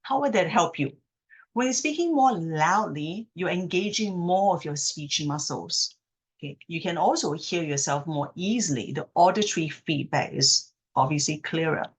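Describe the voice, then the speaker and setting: A woman speech therapist explaining a technique patiently, checking in with the listener and acting out example phrases slowly with exaggerated inflection. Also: lowish voice, husky. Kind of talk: instructional talk to camera.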